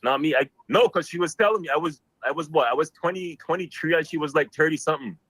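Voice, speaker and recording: A man calling in to a talk show, telling a story in an animated, exclaiming way. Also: on the high side, quick pace, husky, no room sound, low-quality recording. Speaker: caller. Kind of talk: casual call-in chat.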